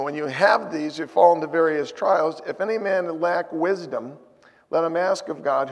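A man preaching a sermon as pastor, moving between emphatic points and quiet personal storytelling. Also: on the high side, big-room sound.

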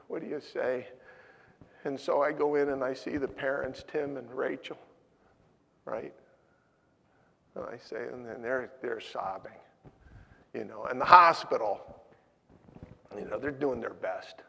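An older man preaching a sermon, telling a story with strong emotion, swinging from loud to hushed. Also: medium pitch, vocal fry, husky. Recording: long hall reverb.

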